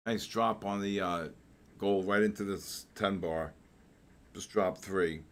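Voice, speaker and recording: A man hosting a live trading stream, excitable and joking as he calls out market moves to his viewers. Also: deep voice, slow. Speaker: host of a live trading session.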